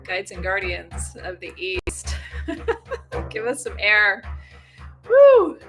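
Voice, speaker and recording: A woman's voice: medium pitch, slow pace, bright, forceful tone, soft background music. A woman hosting a full moon ritual, chatting casually and calling in guides with playful whoops. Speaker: spiritual ritual host. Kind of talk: casual livestream ritual talk.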